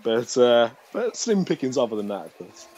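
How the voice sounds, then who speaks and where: A British man hosts a loose podcast chat, rambling from joke to joke with plenty of swearing and laughter. His voice sits at an ordinary middle pitch. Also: big pitch swings, normal speed, a little mellow, low-quality recording. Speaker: podcast host.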